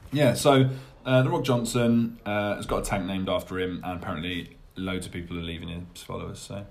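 A man's voice: low-pitched, steady tone, brisk, gravelly. A young man hosting a podcast, chatting in a rambling, jokey and self-deprecating way. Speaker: podcast host. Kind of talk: casual chat.

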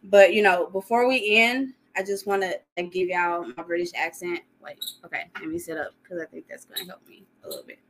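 A woman's voice: on the low side, steady tone, brisk, hardly any pauses. A woman co-hosting a podcast in casual chat, rambling with lots of "like" and laughing often. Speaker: podcast co-host.

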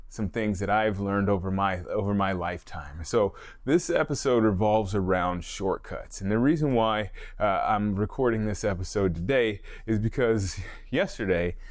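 Low-voiced man rambling on his podcast. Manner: rambling, self-correcting, chuckles often. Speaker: podcast host, fitness trainer. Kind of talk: casual solo podcast monologue.

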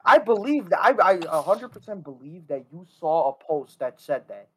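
A man's voice: fairly high pitch, very animated, normal speed, fairly bright tone, breathy edge, rough recording. A young man co-hosting a podcast who chats casually, swears and keeps saying "bro" and "right?". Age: young adult. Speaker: podcast co-host. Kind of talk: casual chat.

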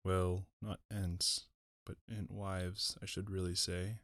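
A man voicing an ancient, sorrowful tree-giant in an audiobook, speaking slowly and deliberately in a musing way. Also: deep voice, little pitch movement, fairly bright tone, no room sound, clean studio sound, heavily acted. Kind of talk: audiobook reading.

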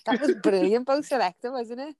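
A woman's voice: on the high side, a little fast, a crowd in the background. A woman with a nasal voice, co-hosting a podcast in casual chat. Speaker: podcast co-host.

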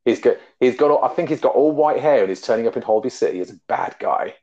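A man's voice: mid-range voice, expressive, quick pace, warm tone. A man hosting a casual geek chat podcast, talking animatedly and laughing often. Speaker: podcast host. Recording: dull lo-fi sound.

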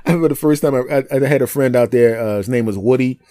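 A middle-aged man from Philadelphia with no regional accent, hosting a casual chat and telling stories with lots of laughter and quick character voices. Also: medium pitch. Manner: animated storyteller, slips into funny voices, laughs a lot. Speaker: podcast host and comedian.

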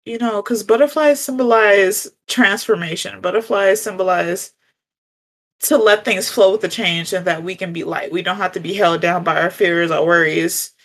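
A woman co-hosting a relaxed spiritual conversation, with a gentle, reflective way of talking. Her voice sits in a middle range, and she laughs easily between thoughts. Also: medium pitch, moderate pace. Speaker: podcast co-host. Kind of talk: casual spiritual chat.

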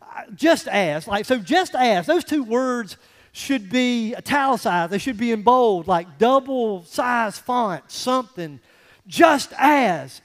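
A male pastor giving a conversational, animated sermon with folksy asides to the congregation. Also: very high voice, unhurried, big-room sound.

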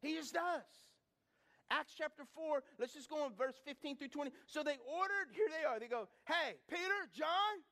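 High-voiced preacher. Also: male voice, normal speed, a bit bright. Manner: folksy, emphatic, repetitive preaching. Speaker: pastor. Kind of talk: sermon.

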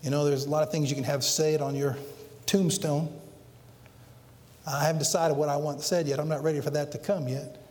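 A middle-aged man preaching a sermon as pastor, acting out quotes dramatically and swinging between loud emphatic peaks and quiet low lines. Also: level tone, brisk. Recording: long hall reverb.

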